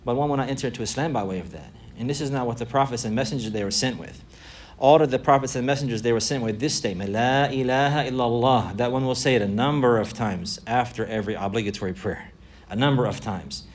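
A man teaching a religious lesson, repeating key phrases for emphasis and reciting Arabic phrases quickly. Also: mid-range voice, slight background noise. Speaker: Islamic teacher.

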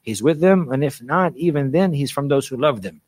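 A man's voice: medium pitch, expressive, normal speed, a little mellow, no room sound. A man teaching a religious lecture, repeating phrases for emphasis and mixing in Arabic phrases. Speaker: Islamic preacher and teacher.

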